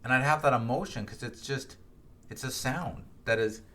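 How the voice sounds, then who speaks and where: Middle-aged guy on a solo podcast, bright clear voice, chatty and reflective, keeps checking in with "right?". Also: medium pitch, normal speed. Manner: conversational, frequent "right?" and restarts. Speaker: podcast host.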